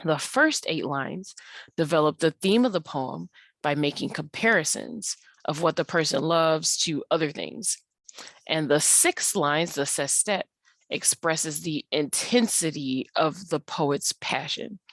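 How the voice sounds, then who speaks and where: A woman with a low voice teaches an online lesson, patiently talking through her slides. She fills her pauses with ums and uhs. The sound is dry and close. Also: lively intonation, a bit bright, no room sound. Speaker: English teacher. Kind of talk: online tutorial walkthrough of slides.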